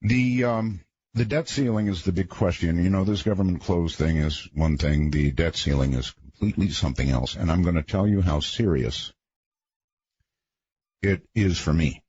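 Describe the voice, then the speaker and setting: A radio talk show host, a man with a husky voice, talking in a rambling, conversational late-night monologue with folksy asides. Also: low-pitched, normal speed, darkish tone, no room sound, highs cut off.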